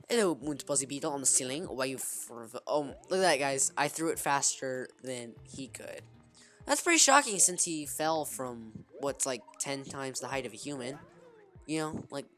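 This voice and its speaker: A woman's voice: sits low, a bit bright. A woman giving casual, rambling gameplay commentary, restarting her sentences and calling out to "guys.". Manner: rambling, frequent restarts, keeps saying "guys". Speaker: gaming video creator. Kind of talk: casual let's-play commentary.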